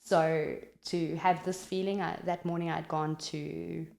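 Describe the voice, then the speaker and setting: A South African woman telling a personal story in an animated, chatty way, with many "like" fillers, as a podcast guest. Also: deep voice, measured pace, gravelly, echoey room.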